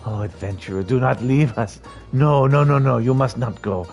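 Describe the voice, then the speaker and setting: A man's voice: mid-range voice, moderate pace, darkish tone, faint music behind, lightly acted. A man voicing a timid, fretful male kobold in a game, stammering and piling up anxious synonyms. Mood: whiny. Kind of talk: reading game dialogue aloud in character.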